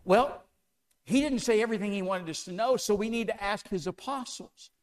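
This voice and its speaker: A man's voice: sits high, moderate pace. A man preaching a sermon to a congregation, asking them one question after another with an emphatic delivery. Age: older.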